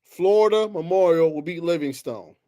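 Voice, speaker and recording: Male sports talk host with a high voice, ranting in heated, exasperated bursts. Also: moderate pace, highs cut off. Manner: heated, exasperated, swings between loud outbursts and low muttering. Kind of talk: animated solo sports talk.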